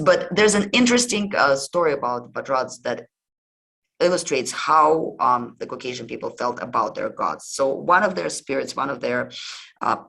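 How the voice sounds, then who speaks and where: A man with a heavily gravelly, husky voice hosts a history podcast. He retells old legends in a loose, hesitant way, with frequent ums and restarts. His tone stays informal and unpolished. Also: mid-range voice, sharp tone, rough recording. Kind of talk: casual podcast lecture retelling myths.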